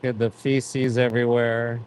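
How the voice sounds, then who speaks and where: A man's voice: mid-range voice, level tone, unhurried, a little mellow, slight background noise. A man in his forties, an activist livestreaming outdoors by a roadside, speaking in a somber, indignant way with short repeated phrases. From Canada. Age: 40s. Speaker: animal rights activist livestreaming. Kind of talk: live outdoor commentary.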